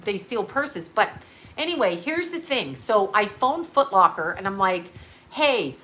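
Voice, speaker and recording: A woman's voice: mid-range voice, very animated, unhurried, bright, forceful tone. A woman telling a rambling story to her live viewers in a casual, chatty way, swearing freely. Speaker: livestream host.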